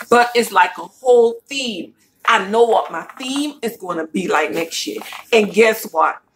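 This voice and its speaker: A woman's voice: mid-range voice, a bit bright, a little hiss or hum, low-quality recording. A woman vlogger chatting casually and playfully to her viewers while showing a shopping haul.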